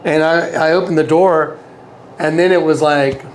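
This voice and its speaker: Pitched fairly high, the man's voice holds a steady tone at a normal speed. In an interview, he tells a personal story earnestly and casually, with lots of repetition and acted-out quotes.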